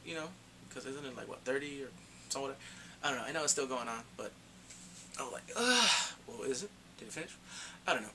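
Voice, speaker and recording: A man's voice: mid-range voice, quick pace, background noise. A man giving a casual, rambling episode review, often correcting himself as he goes. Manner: rambling, animated, self-correcting. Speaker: anime reviewer.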